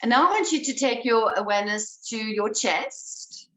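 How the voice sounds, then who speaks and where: A woman breathwork instructor leading a guided breathing exercise, giving slow, calm instructions. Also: a little high. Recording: roomy sound, voice away from the mic.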